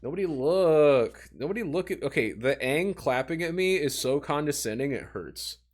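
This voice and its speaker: A man's voice: on the high side, expressive, normal speed. A young man from Missouri chatting casually with his livestream audience, self-mocking and talking straight to chat.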